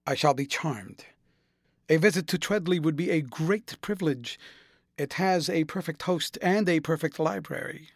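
A man's voice: on the high side, normal speed, no room sound, studio quality. A man voicing a languid young aristocrat who speaks in witty, lightly mocking epigrams.

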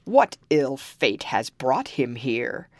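A huge male ogre booms out his lines slowly and loudly, as a woman reading a fairy tale puts him on. The storybook voice swings widely in pitch. The sound is dry and close. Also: big pitch swings, dry recording, heavily acted. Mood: booming. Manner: loud slow booming delivery. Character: huge man-eating male ogre, booming.

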